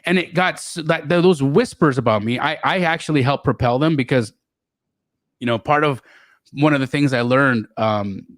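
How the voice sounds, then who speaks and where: Animated storytelling man, dry mic. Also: normal speed, no echo. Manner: animated, acts out quoted voices with big pitch jumps; repeats words and restarts often. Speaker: guest real estate investor. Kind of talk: storytelling in a podcast interview.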